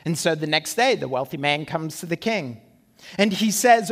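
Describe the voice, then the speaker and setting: A male pastor preaching a sermon, conversational and animated, posing rhetorical questions. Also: a little high, normal speed. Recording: long hall reverb.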